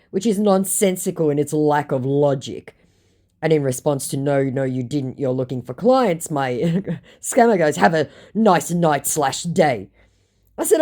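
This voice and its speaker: Dark-voiced sarcastic Australian woman. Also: low-pitched, sing-song, moderate pace. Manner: sarcastic, reads both sides of chats aloud. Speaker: scambaiter reading out chats. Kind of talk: casual narration reading chat messages.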